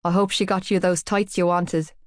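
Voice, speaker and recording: A woman's voice: lowish voice, flat delivery, normal speed, no room sound, clean studio sound, close to an everyday voice. A woman reading a cool, teasing young lad. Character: cocky, calm young Irish rugby player. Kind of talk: audiobook character voice.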